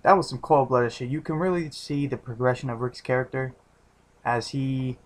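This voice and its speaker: A man's voice: mid-range voice, fairly even intonation, normal speed. A man giving a casual, rambling recap of a TV episode, restarting his sentences often and swearing freely. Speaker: TV episode reviewer.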